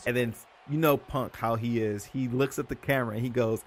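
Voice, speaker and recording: A man's voice: mid-range voice, fairly even intonation, brisk. A young man hosting his own channel, talking in a loose, rambling way, full of fillers and self-corrections. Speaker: YouTube host. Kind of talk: casual rambling commentary.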